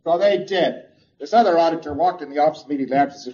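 A man's voice: a little high, very fast, dark tone. A man giving a lecture in a chatty, humorous way, telling anecdotes, on a dull lo-fi recording.

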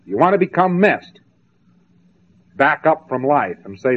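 A man's voice: fairly high pitch, very animated, a little slow. Sarcastic male lecturer on tinny tape. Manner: sarcastic, mocking storyteller. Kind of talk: spoken lecture. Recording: tinny narrow-band old tape.

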